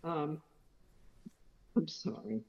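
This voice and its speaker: Slow, deliberate female judge, dull lo-fi sound. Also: deep voice, gravelly. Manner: deliberate, reading out the record. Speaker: appeals judge. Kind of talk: questioning from the bench.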